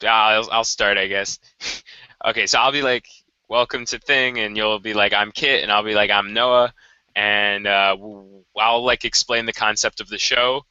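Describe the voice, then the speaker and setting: Bright, dry-voiced young man rambling. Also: on the low side, fairly even intonation, moderate pace, smooth, no echo, dull audio. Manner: rambling, self-correcting, laughing at himself. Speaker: co-host. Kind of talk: casual unscripted planning chat.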